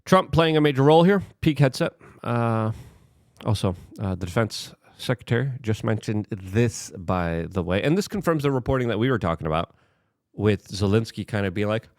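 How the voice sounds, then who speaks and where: A male commentator delivers political talk in a heated, sarcastic way, often addressing the viewer directly. His pitch rises and falls in lively swings. The sound is dry and close, with no room behind it. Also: brisk, no room sound.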